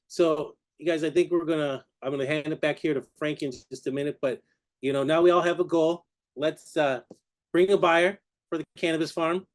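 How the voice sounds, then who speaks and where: A man's voice: fairly high pitch, steady tone, brisk. A man co-hosting a video-call meeting, upbeat and encouraging as he wraps up. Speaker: meeting co-host. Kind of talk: casual meeting wrap-up.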